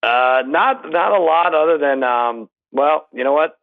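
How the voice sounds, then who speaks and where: A man who is a regular guest on a podcast, telling stories in a deadpan, teasing way. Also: fairly high pitch, unhurried. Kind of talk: casual chat. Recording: dull, muffled remote line.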